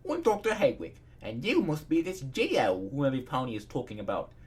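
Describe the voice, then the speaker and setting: A man reading fan fiction aloud, voicing a kind and slightly nervous male pony doctor in a higher, polite voice. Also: huge pitch swings, a little fast, slightly rough.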